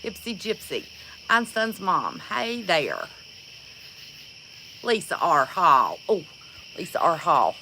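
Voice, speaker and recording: A woman's voice: on the low side, big pitch swings, takes it slowly, pauses often, bright, forceful tone, slight background noise, poor audio. A woman hosting a casual livestream, chatting and greeting viewers by name and calling them honey. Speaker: livestream host.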